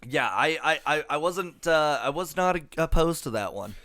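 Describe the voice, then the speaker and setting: A man's voice: fairly high pitch, expressive, normal speed, pushed and bright. A man co-hosting a comedy album review podcast, rambling casually with lots of fillers and swearing. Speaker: podcast co-host.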